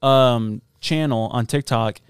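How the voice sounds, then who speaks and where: Smooth-voiced, playful male co-host. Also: medium pitch, no echo, studio quality. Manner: quick, playful, teasing. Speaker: podcast co-host. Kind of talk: casual chat.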